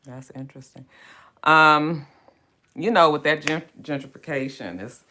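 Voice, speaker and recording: Low-voiced woman chatting on a livestream. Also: measured pace, sharp tone, slight background noise. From West Coast of the United States. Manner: greets viewers by name, chatty and drawling. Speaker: book club host. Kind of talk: casual livestream chat.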